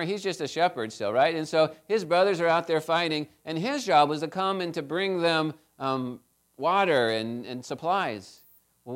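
A man with a rather high voice delivers a children's sermon, retelling a story in a chatty, animated way and putting questions to his listeners.

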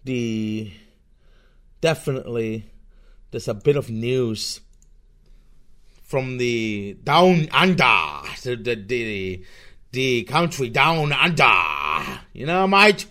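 A man's voice: mid-range voice, lively intonation, very slow, long pauses, bright, forceful tone. A young man hosting a solo podcast, ranting sarcastically and swearing constantly. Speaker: podcast host.

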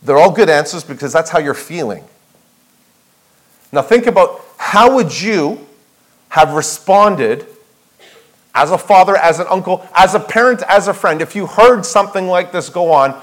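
A man's voice: high-pitched, lively intonation, moderate pace, low-quality recording. A man preaching a sermon as pastor, emphatic, asking rhetorical questions and repeating key phrases for weight. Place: church sanctuary.

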